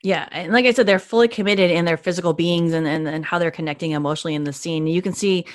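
A woman's voice: fairly low pitch, fast talker, no room sound. Enthusiastic woman podcaster, dry sound. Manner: enthusiastic, gushing, frequent restarts. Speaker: podcast co-host. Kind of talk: casual podcast chat.

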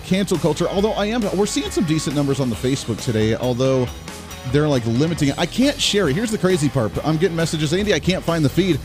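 Animated male radio talk host. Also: on the high side. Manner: animated, sarcastic, jokey.

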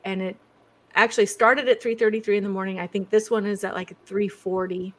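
A woman's voice: mid-range voice, fairly even intonation, a little fast, fairly bright tone. A woman being interviewed as a guest over a video call, chatty, breaking off her own sentences and laughing often.

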